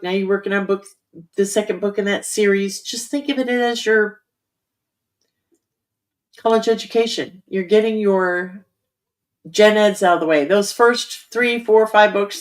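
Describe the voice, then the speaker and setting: A middle-aged woman author chatting candidly and casually with her audience about writing, with frequent ums. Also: medium pitch. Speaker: author hosting a writing livestream. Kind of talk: casual chat.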